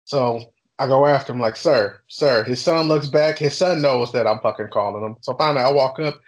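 Young guy on a podcast ranting through a work story, cussing a lot, animated, mid-pitched voice. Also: fairly quick, dull audio. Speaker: podcast co-host telling a story. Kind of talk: casual chat.

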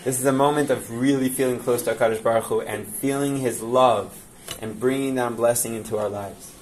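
Animated, coaxing male Torah teacher. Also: mid-range voice, fairly quick, a little hiss or hum. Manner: animated and emphatic, coaxing a group along with frequent "okay?". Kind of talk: classroom Torah lesson, guiding a blessing.

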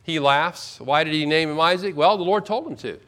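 A man preaching a sermon as pastor, emphatic, slowing right down to stress key words. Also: on the high side, fairly bright tone. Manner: emphatic, with slow drawn-out stresses.

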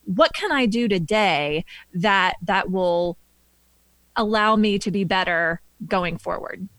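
A woman's voice: medium pitch, lively intonation, takes it slowly, a bit bright, no echo. Woman, interview host, thoughtful, searching for words, dry recording. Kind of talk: interview conversation.

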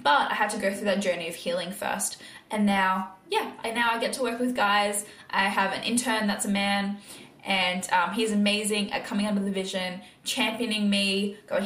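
A woman's voice: medium pitch, moderate pace, fairly bright tone, echoey room. A young adult woman hosting a faith podcast, speaking earnestly and candidly, laughing often and acting out her own past thoughts. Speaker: podcast host. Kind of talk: faith-based podcast monologue.

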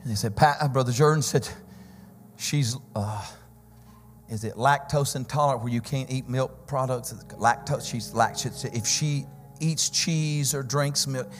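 Shouting Pentecostal preacher in a reverberant church. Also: male voice, medium pitch, unhurried. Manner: storytelling, builds to shouting, sing-song climaxes. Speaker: visiting preacher. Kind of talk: Pentecostal sermon testimony. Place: church sanctuary. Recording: church hall reverb with keyboard music.

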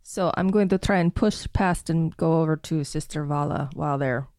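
A woman playing a tabletop game, quick and matter-of-fact. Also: low-pitched, darkish tone, dry recording, studio quality. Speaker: player.

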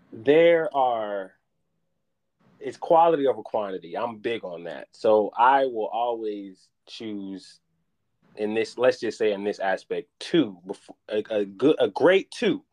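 Low-voiced man in playful banter. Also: a little mellow. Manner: teasing, playful banter with sports talk. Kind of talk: casual podcast chat.

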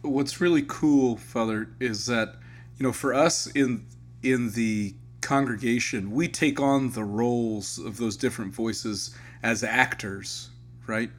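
Podcast co-host, earnest and reflective, everyday conversational delivery. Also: male voice, mid-range voice, takes it slowly. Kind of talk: casual chat.

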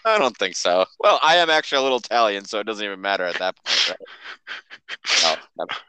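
A man with a bright, smooth voice banters loosely on a podcast. His pitch swings around a lot as he jokes. The sound is close and dry. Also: animated, quick pace, no room sound. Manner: joking, loose, trails off with "you know". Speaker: podcast co-host.

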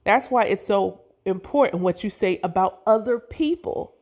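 A woman speaking casually and earnestly about spirituality and self-love, emotional at times, with sudden high swoops for emphasis. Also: animated, moderate pace, a little mellow. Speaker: spiritual talk host.

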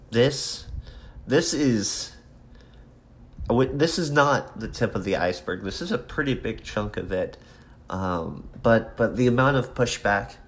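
A young man hosting his own podcast, talking alone in a rambling, halting way with many restarts and fillers. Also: on the low side. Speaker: podcast host. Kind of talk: casual solo podcast monologue.

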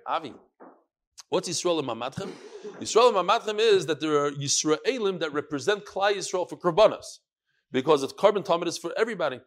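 A man teaching a Talmud class, telling stories in a lively way and sprinkling in Hebrew and Yiddish terms. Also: high-pitched. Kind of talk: animated storytelling lesson.

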